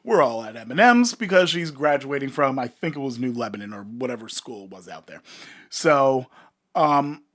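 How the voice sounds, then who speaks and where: A man's voice: mid-range voice, normal speed. A young man co-hosting a podcast, telling a bar story in casual chat, acting out quotes and swearing freely. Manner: animated, swearing storyteller who acts out quotes. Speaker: podcast co-host.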